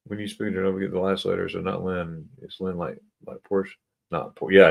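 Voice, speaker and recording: An American man hosting a casual livestream chat, reading viewer comments aloud and slowly sounding out German words. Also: low voice, expressive, gravelly. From United States. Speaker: livestream host. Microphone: computer mic for a livestream.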